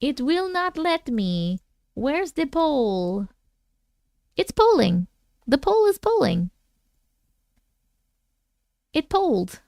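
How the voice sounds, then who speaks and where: A woman's voice: high-pitched, big pitch swings, extremely slow, creaky, pauses often, darkish tone, no echo, studio quality. A woman hosting a casual livestream, chatting playfully and talking to herself between the viewer stories she reads. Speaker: host reading viewer stories.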